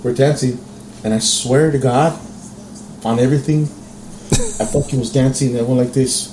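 A man telling a story in a casual podcast chat, animated and profane, acting out the quotes. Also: mid-range voice, moderate pace, roomy sound, noisy background. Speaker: podcast co-host.

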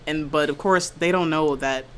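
A young woman co-hosting a podcast, talking casually, sarcastic and quick to laugh. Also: low voice. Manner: animated, sarcastic, laughs often. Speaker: podcast co-host. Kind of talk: casual chat.

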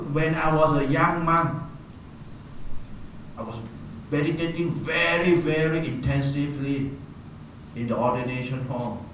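Monk telling funny stories at a dharma talk, lots of laughing, distant mic in a super echoey hall. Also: male voice, medium pitch, noisy background. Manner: animated storyteller, laughs often, colloquial. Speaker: Buddhist monk teaching meditation.

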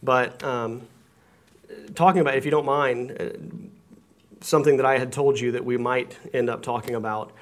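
A man's voice: medium pitch, fairly even intonation, moderate pace, a little hiss or hum. A man hosting a casual conversation in a living room, often stumbling and repeating words as he thinks aloud.

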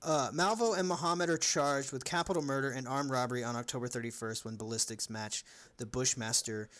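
A man's voice: mid-range voice, a little fast. A man from Louisiana hosting a podcast, joking around and reading out notes in casual banter. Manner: joking, teasing, animated. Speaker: podcast host.

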